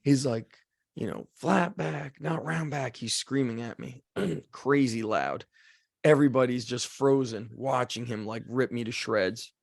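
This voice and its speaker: A male podcast host tells a casual, chatty story with animation, using "like" a lot and acting out the shouting. His mid-range voice has a gravelly fry and an unhurried pace, recorded dry and close with no room sound.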